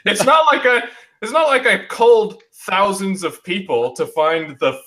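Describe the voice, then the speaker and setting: Hosting a relaxed group chat on a video call, this young man sounds reflective and keeps restarting, peppering his speech with "um" and "you know." His high-pitched voice has a sharp tone, and he talks a little slowly.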